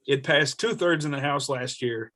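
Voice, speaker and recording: A man's voice: mid-range voice, normal speed, sharp tone. A man who serves as a state representative, answering questions on a video call and telling stories earnestly, with many restarts.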